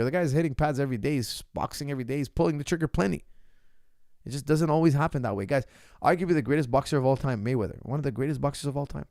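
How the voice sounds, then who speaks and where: A man's voice: mid-range voice, fast talker, darkish tone, dry recording, studio quality. A martial arts coach holding forth in a casual Q&A, emphatic and lecturing, mimicking critics' questions to make his point. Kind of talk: casual Q&A monologue. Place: lives in Canada.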